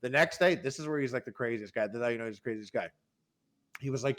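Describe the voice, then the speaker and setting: A man telling an animated, swearing story in casual podcast chat, acting out the quotes. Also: mid-range voice, fast. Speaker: podcast guest.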